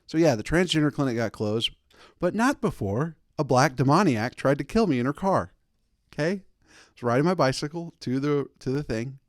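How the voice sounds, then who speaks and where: A host in his thirties delivers a long comic monologue full of rambling asides. His voice runs on the high side with lively intonation at a moderate pace, recorded in clean studio sound with no room tone.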